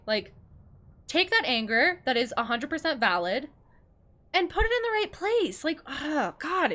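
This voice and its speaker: A woman's voice: a little high, bright, forceful tone. A young woman streamer talking casually while she plays, ranting heatedly and swearing often. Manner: heated, swearing, quick to anger.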